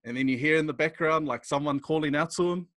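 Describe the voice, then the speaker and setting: A man's voice: fairly high pitch, fast talker, no room sound. A young man with a New Zealand accent, chatting as a podcast guest and telling stories with lots of laughter. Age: young adult. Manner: animated, laughing storyteller. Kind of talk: casual chat.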